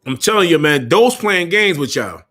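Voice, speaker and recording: Young male livestream host, bright forceful tone, slightly higher voice, loose slangy banter. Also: very animated, normal speed. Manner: loose slangy banter, swearing, calling out to viewers. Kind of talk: casual livestream chat.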